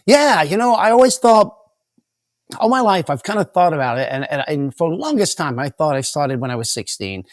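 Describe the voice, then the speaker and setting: A man's voice: a little high, lively intonation, fairly quick, no room sound, clean studio sound. A man as an interview guest, telling rambling stories with many restarts and repeated words. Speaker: guest mentalist. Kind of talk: storytelling interview answers.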